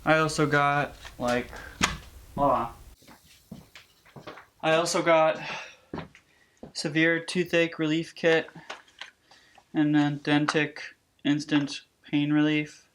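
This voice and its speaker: A man's voice: a little high, little pitch movement, takes it slowly, pauses often, fairly bright tone, a little hiss or hum. A young man vlogging casually in a rambling, anxious way, with lots of fillers. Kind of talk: casual vlog.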